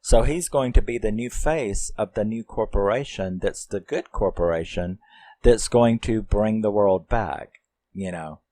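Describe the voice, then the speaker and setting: A man's voice: fairly low pitch, measured pace, warm tone, dry recording, rough recording. A man reviewing a film, recapping the plot in a rambling, casual way with lots of fillers and some swearing.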